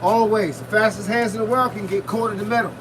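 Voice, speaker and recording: Male boxing coach, high voice, blunt pep talk mid-workout, distant phone mic, wind noise. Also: steady tone, fast talker. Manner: loud, punchy motivational talk with shouted breaths. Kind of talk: live-streamed workout talk. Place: outdoors in freezing wind. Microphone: phone camera set at a distance.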